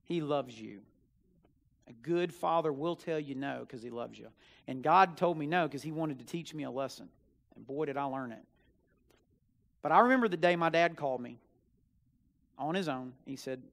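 Storytelling preacher, fairly high voice. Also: male voice, moderate pace, gravelly, pauses often. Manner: storytelling, swings from quiet asides to loud emphatic bursts. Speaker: student minister. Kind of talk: sermon with personal story. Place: church sanctuary.

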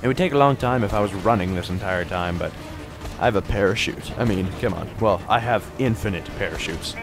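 A teenage boy in his mid-teens doing excitable, jokey let's-play commentary, yelping and shouting at the game. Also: on the low side, brisk, music in the background. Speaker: gaming YouTuber.

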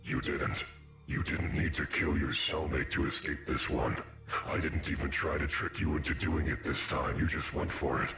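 A man playing a sinister, taunting puppet-master killer in a parody video, with slow mocking menace. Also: a bass voice. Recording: loud music under voice.

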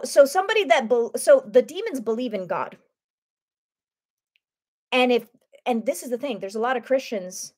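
Animated woman teaching from the Bible. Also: on the high side. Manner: animated, conversational, frequent "right?" asides.

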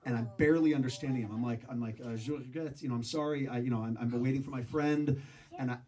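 Animated man telling a story off-mic. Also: medium pitch, fast talker, recorded from a distance. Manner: animated, self-mocking storyteller who acts out voices. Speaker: speaker telling a story to a live audience. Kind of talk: storytelling talk. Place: room with a live audience.

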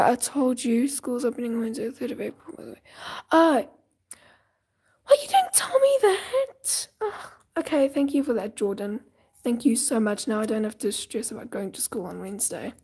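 A teenage girl live-streams while she colors, chatting and fretting in a dramatic, rambling way. Her voice sits a touch high and sounds mellow and very breathy. She keeps slipping into whispers. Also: fairly even intonation, a little fast.

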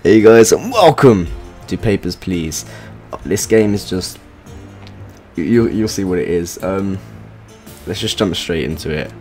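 Low-voiced man chatting over a game. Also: expressive, warm tone, faint music behind. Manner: chatty, halting, with fillers and restarts. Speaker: gaming channel host. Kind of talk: casual let's-play commentary.

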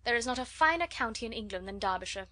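A woman voicing a haughty young society lady who mocks and flatters in a scornful, affected way, in a storybook reading. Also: a little high, quick pace. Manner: scornful, mocking.

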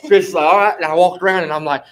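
Man, high voice, loose and animated storyteller, casual church-group testimony. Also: very fast. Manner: animated, rambling storyteller, repeats "flipping" as a filler. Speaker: bible study group member.

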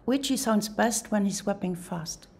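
A woman presenting a software tutorial in voice-over, explaining each step calmly. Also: medium pitch, unhurried, gravelly. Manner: calm, step-by-step instructional.

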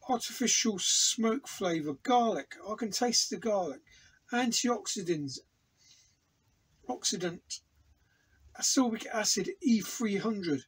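A high male voice with a breathy edge, recorded in low quality, comes from an Englishman reviewing hot sauce. He tastes on camera in his home studio for a casual product review vlog, enthusiastic and rambling.

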